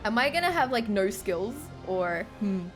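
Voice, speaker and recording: A woman's voice: mid-range voice, very animated, normal speed. A tipsy woman streaming a game, cursing, muttering to herself and chat, now and then breaking into panicked shrieks. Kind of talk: live gameplay commentary. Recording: game music clearly under the voice. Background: game music.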